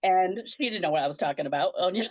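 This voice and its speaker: A woman, a comedian and grief counselor, telling a personal story in an animated conversational way. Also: low voice, racing, husky, no echo, muffled recording. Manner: animated, laughs through a painful story.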